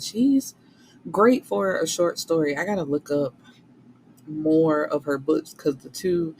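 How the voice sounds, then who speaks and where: A woman recapping a romance novel for her viewers in a casual, animated way, swearing freely and talking back to the characters. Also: deep voice, slight background noise, low-quality recording. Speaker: book reviewer.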